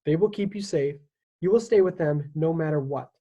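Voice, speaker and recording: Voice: medium pitch, moderate pace, mellow, husky, lightly acted. A reader voicing a caring Union soldier who speaks earnestly and steadily to a boy in his care. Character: caring Union soldier, protective of two children.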